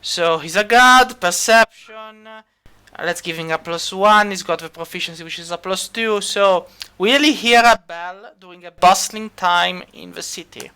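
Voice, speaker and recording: A man's voice: sits high, normal speed, sharp tone, smooth. A man running a tabletop game as game master, rambling with lots of fillers. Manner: rambling, many fillers, laughs easily.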